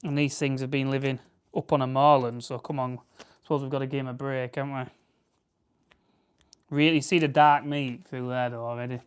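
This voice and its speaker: A Yorkshire man from Barnsley chats loosely on a farming livestream, wandering between thoughts and stopping to answer viewers. His voice sits at an ordinary middle pitch. It comes across smooth and clear. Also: little pitch movement, a little fast, long pauses. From Barnsley, England. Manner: chatty, rambling, self-correcting, answers chat comments. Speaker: farming channel host. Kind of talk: casual livestream chat while plucking game.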